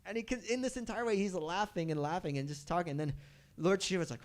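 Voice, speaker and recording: A man telling a devotional story to a live audience at a temple gathering, animated and asking the audience questions. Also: a little high, a little fast.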